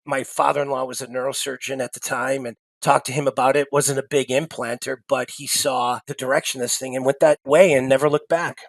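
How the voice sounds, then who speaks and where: A middle-aged man, a sales executive, telling stories as an interview guest, animated, with frequent restarts. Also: mid-range voice, brisk, vocal fry, few pauses, no room sound. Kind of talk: casual storytelling interview.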